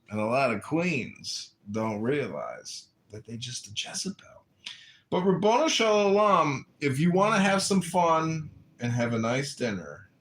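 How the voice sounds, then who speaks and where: Male livestream host, crude rambling monologue, animated intonation. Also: medium pitch. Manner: crude, meandering anecdotes.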